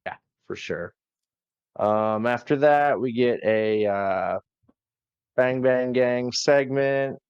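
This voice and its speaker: A man's voice: medium pitch, slow pace, long pauses, a little mellow, clear, resonant tone, dry recording. A man hosting a casual wrestling review chat, recapping unhurriedly with many fillers. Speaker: podcast host. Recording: slightly dull lo-fi recording.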